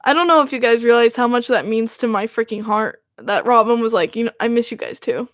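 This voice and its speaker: A young woman hosting a podcast, talking in an excitable, gushing, filler-heavy way. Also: on the high side, a little fast, no echo, studio quality. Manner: gushing, excitable fan talk with many fillers. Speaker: podcast host. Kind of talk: casual chat.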